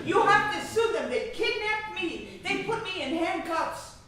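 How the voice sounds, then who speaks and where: A woman voicing her furious, frightened eighty-seven-year-old father, shouting indignantly. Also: very high-pitched, lively intonation, unhurried, very echoey, far from the mic, a loud crowd, voice pushed up.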